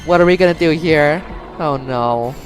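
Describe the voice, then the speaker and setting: A woman's voice: sits low, moderate pace, faint music behind. A young woman streaming a story game, reading the text aloud and reacting with swearing and laughter. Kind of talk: game playthrough commentary.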